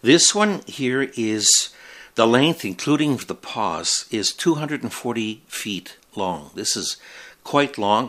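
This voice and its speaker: A man's voice: fairly low pitch, a bit bright. A man co-hosting a podcast, giving precise, matter-of-fact explanations. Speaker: podcast co-host. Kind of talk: casual explanation.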